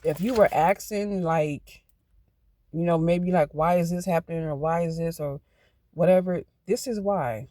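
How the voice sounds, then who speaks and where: A fired-up man reading cards with a lilt, his voice sitting a bit high. He preaches empowerment emphatically, hypes himself up and mutters to calm down, heard close and dry with no room sound. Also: a little slow, no echo. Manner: emphatic, gets hyped, talks to self. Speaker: tarot card reader. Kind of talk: channeled card reading.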